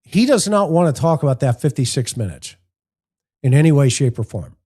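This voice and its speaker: Brisk and warm with a slightly rough edge, this medium-pitched male voice swings widely in pitch as a former investigator hosts his show. He gives plain-spoken commentary on press conference clips, going point by point and acting out anecdotes.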